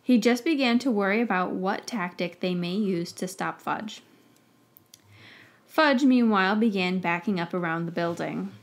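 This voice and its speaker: Woman, podcast host, reading fan fiction aloud, expressive narration, middling pitch. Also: normal speed.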